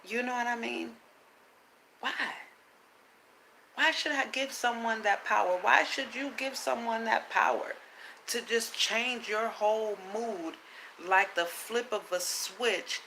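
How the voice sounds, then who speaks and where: In a casual, unscripted vlog, a woman addresses her viewers directly with a bright, forceful voice pitched on the high side. She speaks slowly, blunt and emphatic, swearing freely while keeping a calm, preachy cadence of self-talk packed with rhetorical questions. The recording is low quality, with a little hiss or hum.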